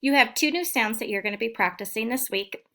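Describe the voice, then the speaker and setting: A woman teacher giving a recorded phonics lesson to young children, sounding out words slowly and clearly. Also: a little high, heavy background noise. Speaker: elementary school teacher.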